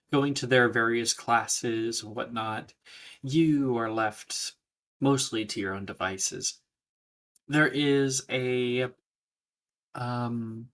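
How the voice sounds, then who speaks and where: A man narrating a tabletop game as game master, unhurried and pausing often with fillers. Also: mid-range voice, fairly bright tone. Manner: unhurried, with many filler pauses.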